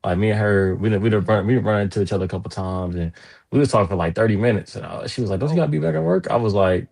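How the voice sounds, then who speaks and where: A man's voice: fairly low pitch, steady tone, very fast, darkish tone. A young man co-hosting a casual sports talk show, laid-back and slangy, often repeating words. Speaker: co-host.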